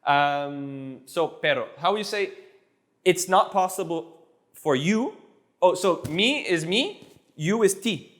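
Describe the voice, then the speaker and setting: A man teaching a casual one-on-one language lesson, patiently repeating phrases slowly so they sink in. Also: high-pitched, expressive. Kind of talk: casual tutoring session.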